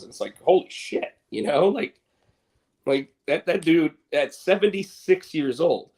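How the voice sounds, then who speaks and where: A man's voice: fairly high pitch, lively intonation, unhurried, darkish tone. A man co-hosting a podcast, chatting casually and rambling with many restarts. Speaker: podcast co-host. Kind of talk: casual chat.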